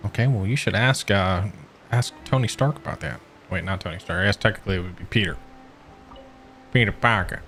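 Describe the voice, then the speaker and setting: Sarcastic low-voiced gaming streamer. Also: male voice, a little fast, fairly bright tone. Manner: sarcastic, joking. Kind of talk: casual let's-play commentary. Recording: over game music.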